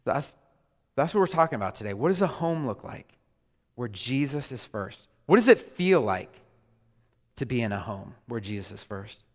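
A man preaching a sermon as a pastor, animated and joking with his congregation. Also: mid-range voice, moderate pace. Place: large church hall. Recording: hall reverb.

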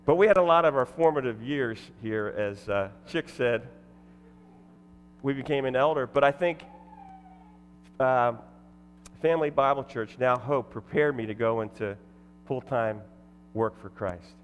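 A man's voice: medium pitch, measured pace, pauses often, a little hiss or hum. A man giving a casual, joking testimony to his old church congregation, with fillers and restarts. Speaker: former elder and guest speaker at his old church. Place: church sanctuary. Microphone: headset or ear mic. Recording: long reverb of a large church.

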